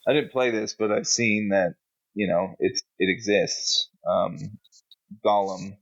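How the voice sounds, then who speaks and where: A man's voice: on the low side, a little slow, gravelly. A man co-hosting a podcast, chatting casually in a blunt, profane, sarcastic way. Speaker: podcast co-host. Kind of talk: casual chat. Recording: muffled lo-fi audio.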